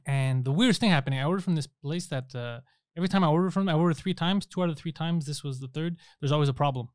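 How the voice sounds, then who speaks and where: A man co-hosting a casual comedic podcast, telling animated stories and swearing freely. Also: fairly high pitch, racing, clean tone, dry recording, studio quality. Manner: animated storyteller, acts out voices in anecdotes, swears freely. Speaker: podcast co-host.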